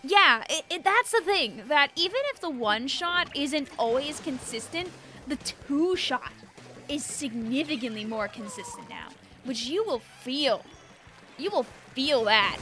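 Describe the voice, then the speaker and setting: Young woman streamer, chatty and excitable. Bright, sharp voice with faint game music under it. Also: high voice. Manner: chatty and excitable, many fillers and quick reactions. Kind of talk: live gameplay commentary.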